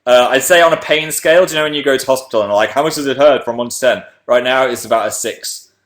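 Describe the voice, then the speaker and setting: A man with a bright, clear voice chats casually on a livestream. He reads out viewer messages and wanders off on tangents in a rambling, self-deprecating way, pitched at a middle, ordinary level. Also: fairly even intonation, quick pace. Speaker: livestream host.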